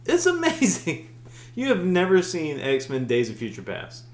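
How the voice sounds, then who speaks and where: Podcast co-host, male, lively swooping delivery, swears freely; echoey room with a faint hum. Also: high-pitched, a little slow. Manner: animated, swearing, breaks into mock voices. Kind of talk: casual chat.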